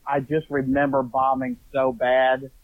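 A man from Indianapolis with a Central Indiana accent, a comedian guest talking in a relaxed, self-deprecating way. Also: medium pitch, measured pace, dry recording. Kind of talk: casual interview chat. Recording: tinny phone line.

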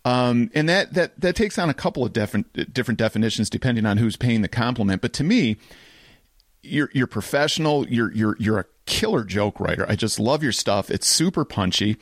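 A male podcast host with a Southeast Michigan accent, slightly nasal and animated, his pitch jumping around a lot as he chats and laughs. The sound is dry and close, with no room around it. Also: brisk, no echo. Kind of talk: casual interview chat.

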